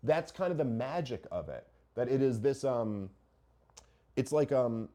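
A man's voice: medium pitch, expressive, a little slow, dark tone. A middle-aged man hosting a podcast, arguing his point in casual, profane chat full of rhetorical questions. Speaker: podcast host.

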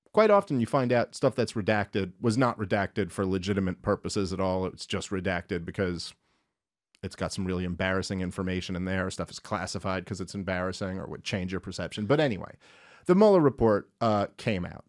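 A man hosting a talk show, casually retelling a story and commenting, swearing often and slipping into quick voices for the characters. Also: lowish voice, no echo, studio quality. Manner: profane, animated, acts out characters in quick voices. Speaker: podcast host. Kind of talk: irreverent comedic retelling and commentary.

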